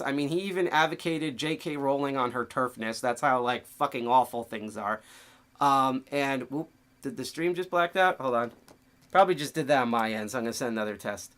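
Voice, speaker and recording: A man's voice: on the high side, bright, forceful tone. A man hosting a casual livestream show, rambling, swearing freely and losing his train of thought. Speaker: host.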